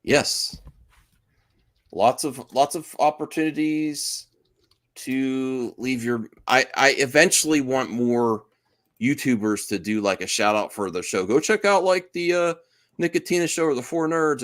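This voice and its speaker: A male podcast host chats casually in a mid-range, fairly bright voice, rambling, restarting his sentences, and laughing often.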